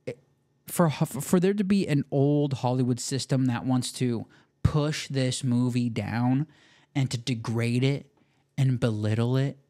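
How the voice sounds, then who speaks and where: A young man hosting a podcast, talking in an excitable, slangy way full of "like" and "dude". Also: mid-range voice. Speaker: podcast host. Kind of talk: casual podcast commentary.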